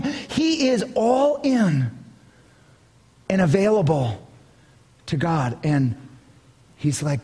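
A man's voice: extremely high pitch, takes it slowly, long pauses, husky. An older man preaching a sermon as pastor, telling stories with emphatic bursts. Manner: animated storytelling, emphatic bursts. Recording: long hall reverb.

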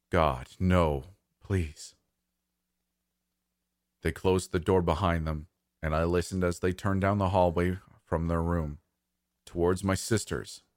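Deep-voiced man narrating horror. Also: dry recording, clean studio sound. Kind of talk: scripted first-person horror narration.

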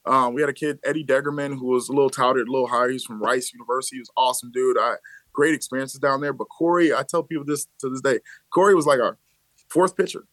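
A man in his thirties from the Chicago area, talking as a podcast guest about his coaching life. He tells stories in an animated, lively way, laughing often and acting out what others said. His voice is recorded dry and close. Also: medium pitch, fast talker, no room sound. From Chicago area, USA. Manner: animated storyteller who laughs often and acts out quotes. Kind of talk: casual conversational storytelling.

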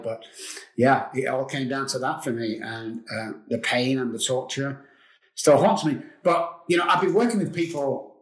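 A man, a guest telling his own recovery story in an earnest, confessional way and repeating phrases for emphasis. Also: medium pitch. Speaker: guest, addiction recovery expert. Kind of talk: emotional personal storytelling. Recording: roomy echo.

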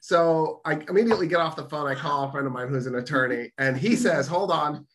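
A man's voice: fairly high pitch, brisk, a bit bright. Profane, sarcastic man telling a story. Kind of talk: casual storytelling chat.

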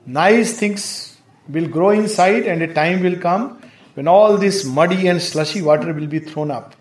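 High-voiced man, measured spiritual lecturer, echoey room. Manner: measured, explanatory, with hesitations. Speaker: spiritual teacher. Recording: roomy echo.

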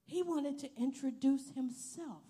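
A woman preaching a sermon, telling a story slowly and building to loud, emphatic praise. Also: high voice. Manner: slow, emphatic preaching that swells to loud hallelujahs. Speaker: missionary preacher and Bible college teacher.

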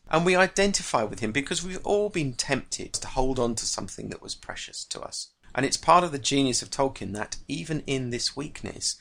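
A man hosting a podcast lesson on writing craft, explaining in a measured way. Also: mid-range voice, creaky, bright, forceful tone. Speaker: writing teacher and podcast host.

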